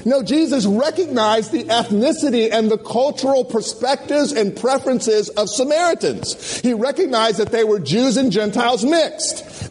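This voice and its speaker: A man preaching a sermon at a conference, animated and folksy, firing questions at the crowd. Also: very high voice, moderate pace, few pauses. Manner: animated, call-and-response questions, folksy slang. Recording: long hall reverb.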